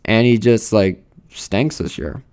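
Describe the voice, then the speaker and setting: A man's voice: lowish voice, takes it slowly, vocal fry, darkish tone. A young man, ranting casually and profanely, full of fillers and rambling asides. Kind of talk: casual rant.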